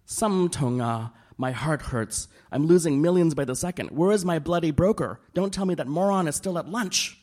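A man's voice: fairly low pitch, big pitch swings, moderate pace, a little mellow. A man voicing a gossipy, conspiratorial middle-aged society woman. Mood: frantic. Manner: sly, conspiratorial, turns frantic.

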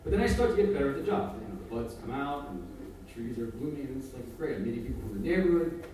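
A man telling a personal story on stage with an audience, animated and self-mocking, building into rants, from a distant mic in an echoey hall. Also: mid-range voice, fast talker, a little hiss or hum.

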